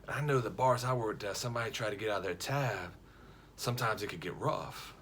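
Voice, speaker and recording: Casual low-voiced man telling a story. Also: brisk, a little hiss or hum. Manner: animated, jokey, frequent restarts and quoted voices.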